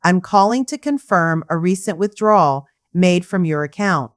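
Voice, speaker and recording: A woman's voice: lowish voice, animated, moderate pace, lightly acted. A woman voicing a male bank officer on the phone, with a professional, cool delivery. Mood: formal. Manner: professional, cold.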